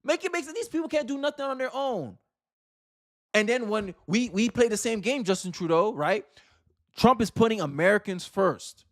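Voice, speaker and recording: Emphatic high-voiced male political commentator. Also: animated, normal speed. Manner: emphatic, repeats phrases for effect. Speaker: livestream host.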